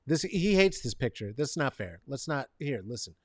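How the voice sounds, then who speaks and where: A man's voice: mid-range voice, sing-song, normal speed, dry recording. Rambling sarcastic man, dry close sound. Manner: rambling, sarcastic, swings from mutters to loud outbursts; talks to chat viewers by name. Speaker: show host. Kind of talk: comedic news commentary.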